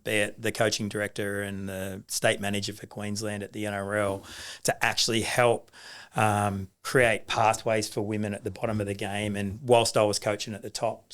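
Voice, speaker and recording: A man's voice: lowish voice, smooth. A middle-aged man with an Australian accent, a guest in an interview, telling stories in a loose, anecdotal way with lots of restarts. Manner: anecdotal, acts out quoted voices, many restarts. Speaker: guest, rugby league coach. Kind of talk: storytelling in a casual interview.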